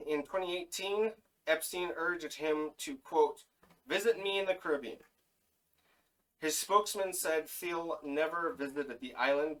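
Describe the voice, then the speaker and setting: Male podcast co-host reading notes aloud, stumbling and correcting himself, somewhat high, a bit off-mic. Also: fairly bright tone, far from the mic, poor audio. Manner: reads list haltingly with fillers and self-corrections.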